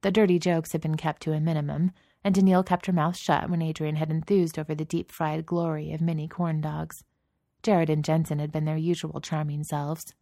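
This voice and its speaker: Low, mellow-voiced woman narrating a story. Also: no echo, clean studio sound. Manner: reads dialogue in lightly raised voices. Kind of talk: audiobook narration.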